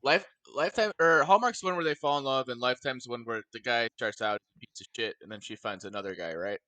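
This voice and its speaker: A man's voice: medium pitch, fast talker, pushed and bright, no room sound. A young man co-hosting a podcast, wisecracking and bluntly ribbing his friends in casual chat. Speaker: podcast co-host.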